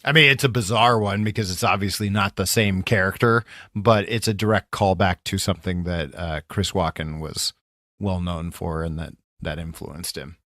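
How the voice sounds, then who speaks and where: A man co-hosting a podcast, chatting casually about a film in a halting way with many fillers. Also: deep voice, steady tone, bright, forceful tone, dry recording, studio quality. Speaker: podcast co-host. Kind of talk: casual movie review chat.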